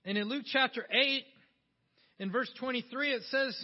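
This man's very high voice moves at a normal speed as he delivers a sermon in a conversational style, asking his listeners questions. The sound is dull, with a long hall reverb.

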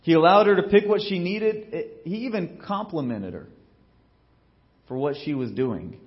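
A man preaching a sermon as pastor, telling a story in a casual, joking way and acting out what people say, getting loud and then dropping low. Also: normal speed, dull audio. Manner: animated storytelling, acts out quotes with big swings in loudness.

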